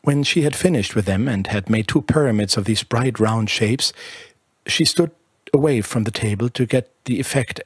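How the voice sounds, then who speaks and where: A male narrator reads a classic short story in a measured, lyrical manner. His voice sits at a middling pitch and has a husky grain. The recording is dry and close, with no room sound. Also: dry recording. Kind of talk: scripted audiobook narration.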